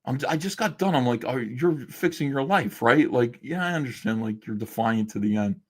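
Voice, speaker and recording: A man's voice: mid-range voice, lively intonation, moderate pace, husky. A man hosting a livestream from home, ranting in a sarcastic, mocking, rambling way. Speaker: livestream host. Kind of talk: casual livestream rant.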